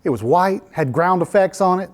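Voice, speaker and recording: A pastor preaching a sermon in a church, telling a story in an animated way and laughing at himself. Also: male voice, sits high, moderate pace. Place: church sanctuary.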